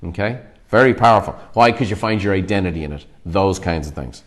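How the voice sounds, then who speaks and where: A man's voice: low-pitched, expressive, a little fast. A man leading his company, giving an emphatic motivational talk on a livestream and punctuating his points with "okay?".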